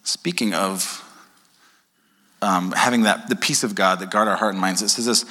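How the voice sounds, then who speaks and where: Speaking at normal speed with long pauses, this lowish-voiced man is a pastor giving a conversational sermon. He's animated, repeatedly asks his congregation "okay?", and cracks jokes with them, all under a long hall reverb.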